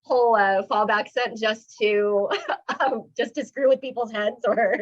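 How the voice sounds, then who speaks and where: A woman hosting a casual interview, chatty and quick to laugh as she asks questions. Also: on the high side, steady tone. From Colorado, USA. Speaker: podcast host. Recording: muffled lo-fi audio.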